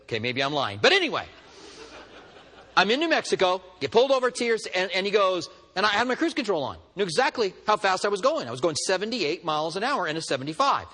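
A man preaching in a high, lively voice that swoops up and down as he acts out stories. His words ring through a hall with a long reverb tail. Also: fast, husky. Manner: animated storytelling, acts out both sides of dialogues. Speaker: pastor. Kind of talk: sermon.

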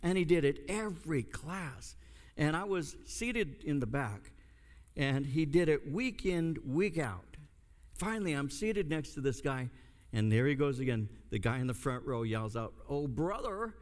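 A man's voice: fairly high pitch, measured pace. An older man, a pastor, preaching a sermon and telling a story with comic asides. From United States. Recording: long hall reverb.

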